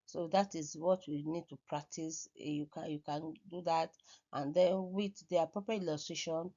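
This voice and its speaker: A woman's voice: low voice, steady tone, normal speed, mellow. Hesitant woman lecturing, muffled sound. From Nigeria. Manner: hesitant, repeats words and restarts often. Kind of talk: recorded lecture over slides.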